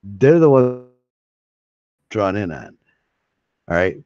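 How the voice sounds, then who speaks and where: A man's voice: lowish voice, sing-song, takes it slowly, darkish tone, clean tone, no room sound. Rambling man on a dry, dull mic. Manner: rambling, laughing and swearing freely. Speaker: streamer hosting a live hangout. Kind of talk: casual live-stream chat. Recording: dry, slightly dull lo-fi sound.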